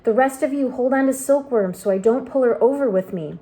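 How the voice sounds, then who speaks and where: A woman's voice: high-pitched, brisk, mellow, voice pushed up, close to an everyday voice. A woman voicing a brave young boy, speaking urgently. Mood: determined.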